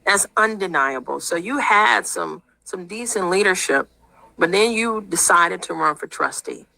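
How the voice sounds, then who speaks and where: Gravelly emphatic woman radio interviewer. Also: fairly low pitch, animated, measured pace, pushed and bright, poor audio. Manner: emphatic, rhetorical questions.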